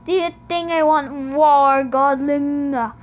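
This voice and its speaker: A woman's voice: very high-pitched, animated, measured pace, highs cut off, voice pushed up. A woman reading the lines of an indignant, grumbling male god of the dead.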